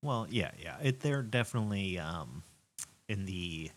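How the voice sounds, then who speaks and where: A man's voice: low voice, animated, measured pace. A man chatting casually on a podcast, laid-back and teasing.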